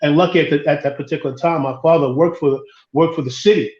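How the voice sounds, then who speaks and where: A man with a somewhat high voice tells a long personal story during a podcast discussion, often stumbling and repeating words. He is heard over a remote call that sounds roomy and dull. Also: steady tone, darkish tone. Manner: halting, repeats words while recounting. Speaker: podcast co-host.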